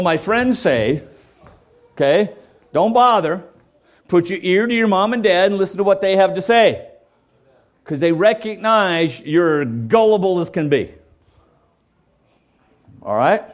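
A man's voice: high-pitched, expressive, a little slow, pauses often. A man preaching a sermon in a conversational way, often checking in with "okay?" and acting out quoted voices. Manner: acts out quoted voices and jokes. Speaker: pastor.

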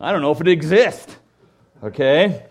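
A man's voice: fairly high pitch, lively intonation, normal speed, a little mellow. A man preaching a sermon in a conversational way, often checking in with "okay?" and acting out quoted voices. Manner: acts out quoted voices and jokes. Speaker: pastor.

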